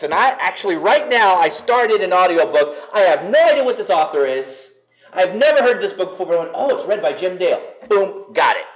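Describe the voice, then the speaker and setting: A man preaching a sermon as pastor, earnest and enthusiastic in a conversational way. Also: high voice. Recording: dull lo-fi recording.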